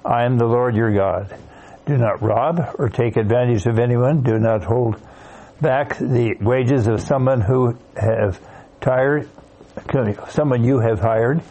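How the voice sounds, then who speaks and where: A man in a Bible study class reading a scripture passage aloud, steady but with small slips he corrects. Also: mid-range voice, slow pace, poor audio.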